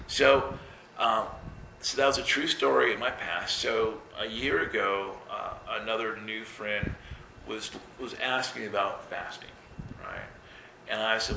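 A man preaching a sermon in a relaxed, conversational way, telling stories with self-mocking humor. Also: fairly low pitch, a little slow, gravelly. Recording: roomy echo with faint noise.

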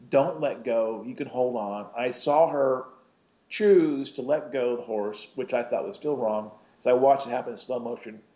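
A man's voice: mid-range voice, darkish tone. A man casually telling a personal story, rambling and breaking off mid-sentence with small laughs. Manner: rambling, self-interrupting, chuckling between thoughts. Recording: dull lo-fi recording.

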